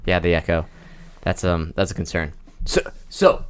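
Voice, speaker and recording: A man's voice: low-pitched, completely flat delivery, a little fast, smooth. A young man co-hosting a casual podcast chat, stammering, restarting and laughing often, close to his microphone. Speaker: podcast co-host.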